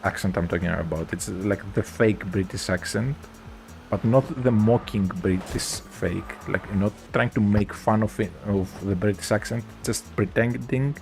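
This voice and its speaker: A man with a thick Greek accent, chatting through a relaxed game stream. His voice sits low and has a gravelly edge, and he rambles easily with plenty of fillers. Faint game music plays behind him. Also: moderate pace. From Greece. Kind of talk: casual gameplay chat.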